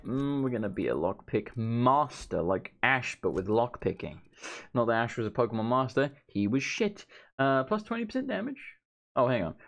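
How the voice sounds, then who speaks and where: A man's voice: mid-range voice, gravelly, muffled recording. A man hosting a let's play, sarcastic, profane and joking as he plays. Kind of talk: casual gameplay commentary.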